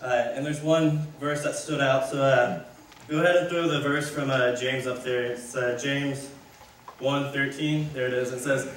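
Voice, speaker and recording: A man's voice: medium pitch, steady tone, unhurried, a bit bright, a little hiss or hum. A man giving a casual, conversational sermon, rambling and correcting himself as he goes. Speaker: speaker. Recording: echoey hall, mic far off.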